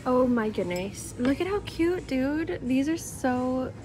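A woman's voice: high voice, expressive, takes it slowly, warm tone. A bubbly young woman in her twenties, chatting playfully on a handheld camera while walking through shops. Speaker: vlogger. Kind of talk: casual vlog chat. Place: shops and a restaurant, indoors.

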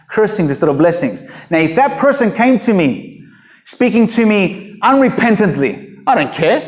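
Male pastor preaching, earnest and emphatic, high-pitched voice. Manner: earnest and emphatic, with rhetorical questions. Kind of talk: sermon.

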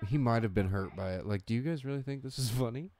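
A man's voice: medium pitch, fast, darkish tone. A man co-hosting a horror movie commentary in casual chat, profane and mocking, often jumping into silly voices. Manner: profane, mocking, jumps into joking character voices.

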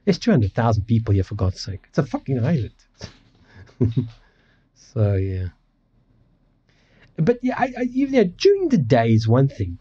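A man's voice: mid-range voice, dark tone, slightly rough, dull audio. A man hosting a casual livestream from his apartment, rambling and swearing with many restarts. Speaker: livestream host. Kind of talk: casual ranting chat. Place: home apartment.

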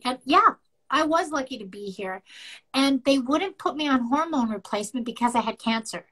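A woman's voice: high voice, expressive, normal speed, a bit bright, poor audio. A middle-aged woman from Canada co-hosting a podcast, telling a personal story candidly with lots of quoted dialogue. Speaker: podcast co-host. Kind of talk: casual chat.

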